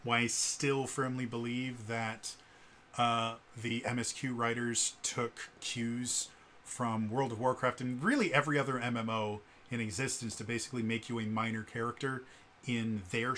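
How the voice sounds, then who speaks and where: A man's voice: medium pitch, fairly bright tone, slight background noise. A man giving blunt, rambling spoken commentary for his gaming vlog, full of um and uh fillers. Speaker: gaming vlogger.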